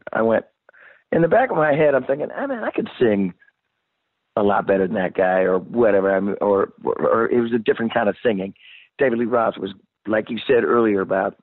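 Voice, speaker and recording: A rock singer in his sixties rambles through a story in a casual interview, cursing and acting out the voices of the people he quotes. His voice is lowish, and the recording is dry with a narrow, phone-like sound.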